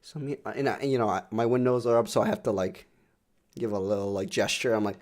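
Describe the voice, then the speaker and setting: A man's voice: lowish voice, a little fast. A young man co-hosting a podcast, telling rambling, profane stories in casual chat with lots of fillers. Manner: rambling, profane, animated storytelling with many fillers. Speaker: podcast co-host.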